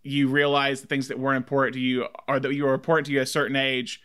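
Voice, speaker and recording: A man's voice: medium pitch, level tone, very fast, a bit bright, clear, resonant tone. A man co-hosting a casual film podcast, talking enthusiastically in long rambling stretches full of fillers. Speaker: podcast co-host.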